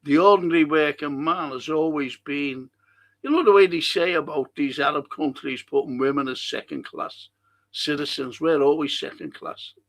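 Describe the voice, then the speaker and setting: A middle-aged Englishman with a Liverpool accent hosts a live talk stream, reading viewer comments in a rambling, blunt and indignant monologue full of swearing. His voice is fairly high and his pace moderate.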